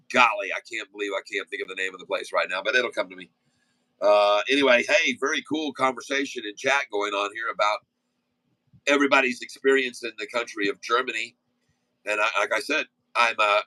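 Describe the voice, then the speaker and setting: Bright, rambling male livestream host. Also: fairly low pitch, no room sound, poor audio. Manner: rambling, folksy, easygoing, many fillers and asides. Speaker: day-trading livestream host. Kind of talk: casual live-stream chat and stock commentary.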